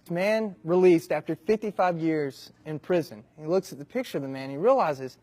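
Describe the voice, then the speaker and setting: Man telling a long joke, animated delivery. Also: a little high, normal speed, few pauses. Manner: relaxed, conversational with animated shifts. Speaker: comedic storyteller. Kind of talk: stand-up style joke narration.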